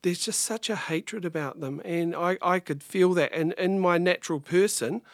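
Low-voiced woman, dry close sound. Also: normal speed, dry recording. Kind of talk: Christian talk show conversation.

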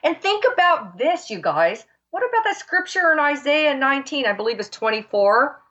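A woman's voice: sits high, big pitch swings, moderate pace, a bit bright, muffled recording. Woman guest, fervent faith testimony, emphatic and emotional. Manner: passionate, emphatic, near tears. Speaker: talk show guest.

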